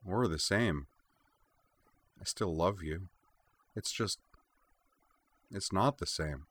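A man's voice: low-pitched, slow pace, a bit bright, exaggerated voice. A man voicing a tipsy young woman who sounds distant and slightly blurred. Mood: wistful.

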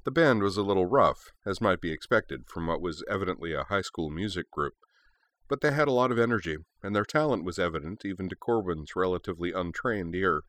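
Deep-voiced man reading a story. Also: lively intonation, brisk, a bit bright, no echo. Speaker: narrator.

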